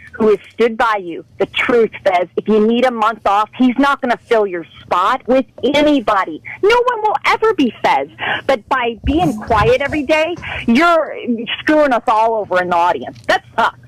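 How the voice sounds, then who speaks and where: Impassioned woman caller, high voice. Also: low-quality recording. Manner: impassioned, pleading, profane. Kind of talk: call-in radio rant.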